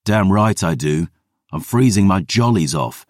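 A man voicing a gruff, sardonic hero in an audiobook, grumbling and sarcastic. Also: low voice, expressive, a little slow, no echo, clean studio sound. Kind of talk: audiobook character reading.

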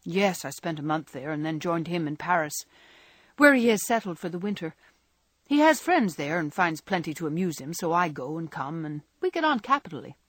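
A woman's voice: lowish voice, lively intonation, normal speed, no echo, clean studio sound. A woman reading aloud, voicing an easygoing young man in an offhand, casual way.

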